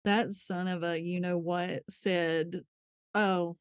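A woman's voice: mid-range voice, a little slow, a little mellow, no echo. A woman speaks as an interview guest, telling her story openly. She laughs easily and trails off to restart her thoughts. The recording is dry and close. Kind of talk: candid conversational storytelling.

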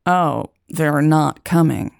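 A woman's voice: deep voice, slow pace, creaky, a little mellow, dry recording, studio quality, exaggerated voice. Woman voicing a cocky nasal young officer. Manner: casual, offhand. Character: cocky small muscular young male officer.

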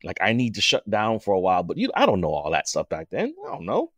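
A man's voice: low voice, quick pace, no echo, clean studio sound. A man on a podcast as the guest, telling stories in casual chat and acting out what others said in a raised voice. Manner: animated storyteller, acts out quotes in a raised voice.

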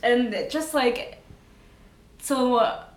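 A woman guesting on a podcast, telling a story in casual chat and laughing as she goes. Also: fairly high pitch. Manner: giggly, unhurried storyteller. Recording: echoey room.

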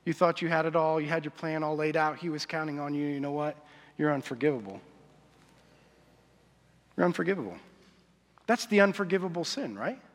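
A man's voice: on the high side, fairly even intonation, quick pace, few pauses. A male pastor preaching a sermon in a church hall, conversational and confessional, often asking his listeners questions. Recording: reverberant hall.

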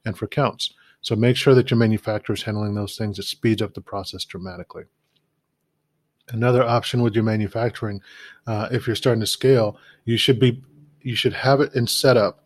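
A man's voice: mid-range voice, a little mellow, no echo, clean studio sound. A man giving a practical, conversational talk on scaling product manufacturing, often checking in with the listener. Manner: practical, conversational, frequent "right?" check-ins. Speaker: e-commerce business advisor. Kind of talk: instructional talk.

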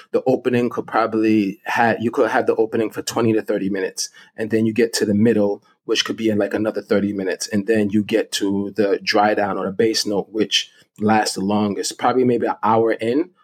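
A middle-aged man, a guest expert, explaining things step by step in a chatty, animated interview. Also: lowish voice, fairly quick, few pauses. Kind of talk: casual interview talk.

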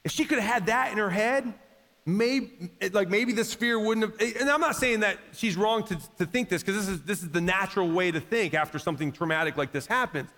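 A man's voice: sits high, fairly quick, sharp tone. Preaching man in a reverberant hall. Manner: conversational preaching, acts out quoted voices, rising to emphatic peaks. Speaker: pastor. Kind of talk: sermon. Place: church sanctuary. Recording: long reverb of a large hall.

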